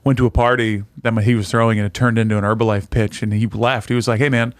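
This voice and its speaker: Relaxed joking man on a podcast. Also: lowish voice, quick pace, no room sound, studio quality. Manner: relaxed, joking, laughs often. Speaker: podcast co-host. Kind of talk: casual chat.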